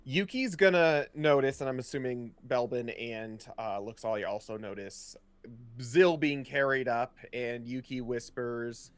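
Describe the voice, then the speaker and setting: A man's voice: mid-range voice, fairly even intonation, a little slow, smooth, no echo. A man playing a tabletop game, asking questions and describing his character's actions. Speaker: player. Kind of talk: casual tabletop play.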